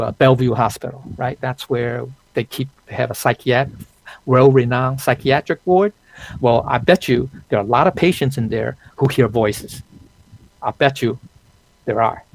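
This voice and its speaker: Gravelly, husky male Dao teacher. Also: medium pitch, poor audio. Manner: conversational, checks in with "okay?" and "right?"; frequent restarts and fillers. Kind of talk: online class lecture.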